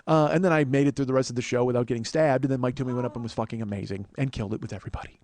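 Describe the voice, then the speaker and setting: A man's voice: mid-range voice, racing. A man hosting a podcast, telling a road story alone, swearing freely and acting out what people said. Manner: profane, animated, acts out quotes. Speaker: podcast host. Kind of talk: solo storytelling monologue. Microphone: podcast mic.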